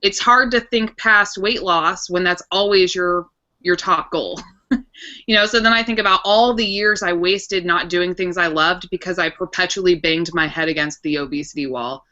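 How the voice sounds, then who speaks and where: Candid woman in her 30s chatting as a guest, bright tone, kinda dull muffled audio. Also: on the low side, steady tone, normal speed. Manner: candid, reflective storyteller. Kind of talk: casual chat. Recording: dull lo-fi recording.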